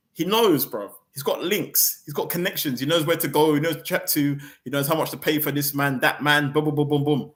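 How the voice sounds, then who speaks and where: A young man hosting a football fan channel, ranting in a heated, slangy, animated way. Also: fairly high pitch.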